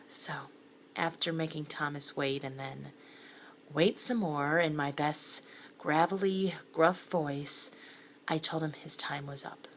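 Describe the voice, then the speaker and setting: Slow and low, with fairly even intonation and slight background noise, a middle-aged woman gives scripted first-person narration for a thriller web series. She adds wry, sardonic asides and at times sinks to a whisper.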